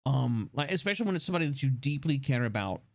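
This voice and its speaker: A man's voice: medium pitch, animated, creaky, no room sound. Young male stream host, casual and joking, stop-start delivery, dry close-mic sound. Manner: joking, laughs often, halting restarts. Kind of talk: casual livestream chat.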